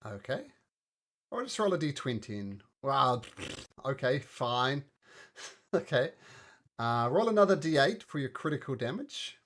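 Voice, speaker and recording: A man running a tabletop game as game master, chatty and cheerful, with bursts of excitement when the dice go well. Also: mid-range voice, unhurried, long pauses.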